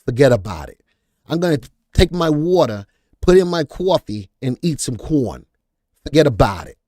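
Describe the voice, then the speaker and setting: A man's voice: on the high side, very animated, normal speed, a little mellow, dry recording, clean studio sound. A Boston-accented man putting on a brash Brooklyn man with an exaggerated tough-guy drawl. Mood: mock tough.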